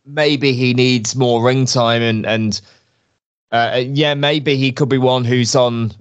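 A man's voice: mid-range voice, steady tone, takes it slowly, smooth. A man as a guest on a podcast, chatting about wrestling with keen enthusiasm. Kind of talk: casual wrestling chat.

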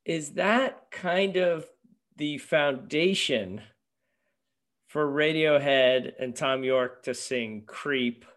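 A man hosting a relaxed discussion, musing aloud and leading the talk with questions. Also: on the high side, extremely slow. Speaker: podcast host. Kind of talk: casual discussion.

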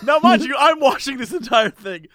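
A very high-pitched male voice, at a moderate pace and in studio quality with no echo, tells a funny story in casual conversation. He performs the characters' voices with animation and frequently breaks into laughter.

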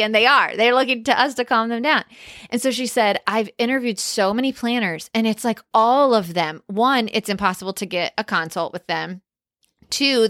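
A woman's voice: mid-range voice, fairly bright tone, dry recording, studio quality. A woman wedding planner hosting a podcast, talking casually and emphatically, with lots of "like" and quoted asides.

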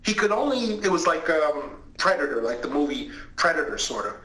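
A middle-aged man tells a strange story as a guest, animated and full of acted-out quotes. His voice sits a little high with a bright, forceful edge. The recording has a roomy echo around it. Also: brisk. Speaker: guest, retired investigator. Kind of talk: storytelling in an interview. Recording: roomy echoing sound.

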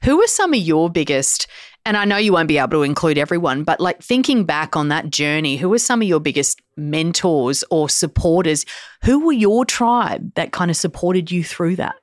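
A woman's voice: on the low side, sing-song, normal speed, no room sound, clean studio sound. A woman hosting a podcast interview, affirming her guest and asking reflective questions. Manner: warm affirming listener, many soft murmurs. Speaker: podcast host. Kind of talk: casual interview chat.

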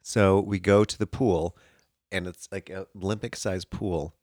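A man in casual chat, telling a story in an animated, breathless way, with bursts of laughter and swearing. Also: low-pitched, unhurried, no room sound, clean studio sound.

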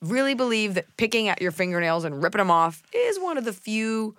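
A young woman co-hosting a podcast, chatting casually in a blunt, sarcastic way with quick asides. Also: mid-range voice, big pitch swings, fairly bright tone, dry recording, clean studio sound. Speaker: podcast co-host. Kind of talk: casual chat.

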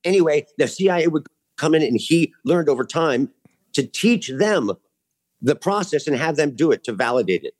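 A man's voice: on the high side, lively intonation, normal speed, a little mellow. A man speaking as a podcast guest in casual chat, earnest and rambling, with frequent restarts, in a studio.

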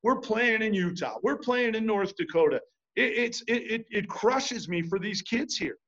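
A man's voice: sits high, expressive, normal speed. Man, sports talk host, emphatic, stammering restarts, dull audio. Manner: emphatic, stumbling restarts, rising to loud appeals.

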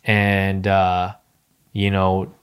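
Male podcast host, 30s, lower register, casual, rambling delivery with frequent restarts. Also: completely flat delivery, very slow, clean tone. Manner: rambling, many restarts and fillers. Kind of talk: casual conversation.

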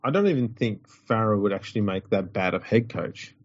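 A man's voice: fairly low pitch, lively intonation, brisk, no echo. A man, co-hosting a sports chat show, rambling and wry. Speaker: podcast co-host. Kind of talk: casual chat. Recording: dull lo-fi audio.

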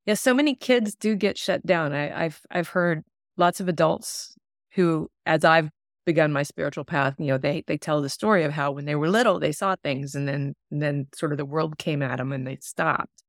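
A woman with a notably low voice hosts a relaxed interview and reacts warmly to her guest. Her questions come in an easy, conversational way, and her voice sounds close and dry, as on a video call. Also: moderate pace, no echo. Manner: attentive, affirming listener, relaxed conversational questions. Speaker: podcast host. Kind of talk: casual interview chat.

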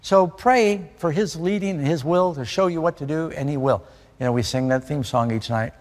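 A man's voice: fairly high pitch, normal speed, a little mellow, in a large hall. A man from New York City preaching a conversational sermon, often putting questions to his listeners.

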